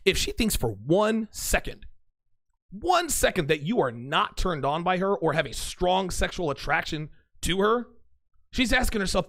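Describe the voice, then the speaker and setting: A man's voice: high-pitched, big pitch swings, normal speed, creaky, a bit bright. A man hosting a solo talk show, speaking bluntly and profanely as he reads text messages aloud. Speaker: host. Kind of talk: monologue to camera.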